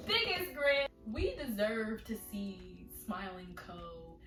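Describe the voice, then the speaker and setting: A woman excitedly reviewing a manga volume in a casual vlog, retelling scenes with acted-out lines. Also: high voice, extremely slow, few pauses. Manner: animated, dramatic retelling with acted-out quotes. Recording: echoey room, slightly distant mic, faint music.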